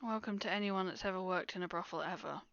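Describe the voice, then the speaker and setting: Woman, tabletop player, wry and direct, lowish voice, dull lo-fi dry sound. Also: fast, a bit bright, no room sound. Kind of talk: casual tabletop play. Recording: dull lo-fi recording.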